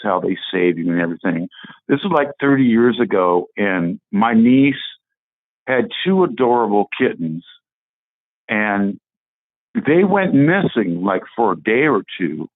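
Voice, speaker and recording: A male caller tells his story down a tinny phone line, halting and trailing off as he goes. His voice sits a little low. The line is dry, with no room sound. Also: no echo.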